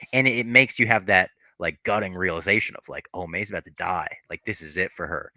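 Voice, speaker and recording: Deep-voiced man recapping a movie. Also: no echo. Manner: animated, profane, retelling scenes with quoted lines. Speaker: podcast host. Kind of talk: casual podcast movie recap.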